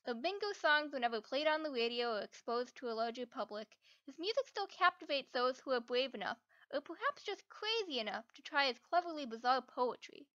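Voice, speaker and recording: A woman's voice: sits high, expressive, brisk, few pauses, a bit bright, highs cut off. A woman narrating a documentary video in an earnest, enthusiastic scripted voice-over.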